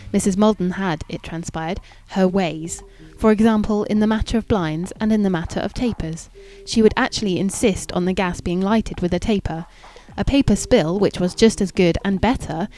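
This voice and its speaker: A woman narrating a classic novel in a measured, even and formal reading. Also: mid-range voice. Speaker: audiobook narrator.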